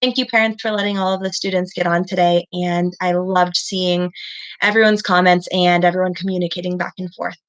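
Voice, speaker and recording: A young woman teaching a second grade class over a live stream, praising students warmly and spelling things out slowly. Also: on the low side, little pitch movement. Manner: encouraging, slow and deliberate with children.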